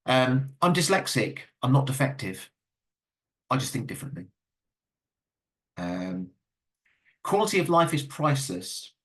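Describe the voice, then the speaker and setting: A man's voice: mid-range voice, big pitch swings, unhurried, pauses often, fairly bright tone. A middle-aged man giving an earnest talk with audience questions, full of fillers and stammered restarts. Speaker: guest speaker.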